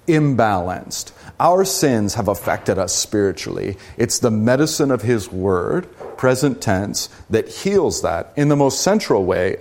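A middle-aged man leading a teaching session as a Lutheran pastor. His voice sits on the low side. He talks in a relaxed but earnest way, jumping up in pitch to stress key words. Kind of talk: conversational teaching from a book.

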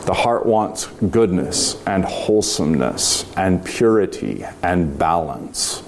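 A man with a fairly low voice leads an informal lecture, reading lines from a text and musing on them. He speaks in a measured, reflective way, drawing out key phrases and sometimes restarting a sentence mid-thought. A faint hiss of room ambience sits behind him. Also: expressive. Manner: measured and reflective, with slow emphatic stretches; conversational, with fillers and restarts. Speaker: teacher leading a reading of a philosophy text. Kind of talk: informal lecture, reading passages aloud and commenting.

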